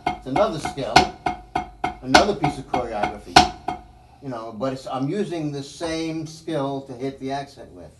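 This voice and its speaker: A man's voice: medium pitch, lively intonation, moderate pace. Male drum teacher thinking aloud in a live lesson, noisy room. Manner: rambling, thinks aloud with many fillers. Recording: echoey room, mic at a distance, background noise.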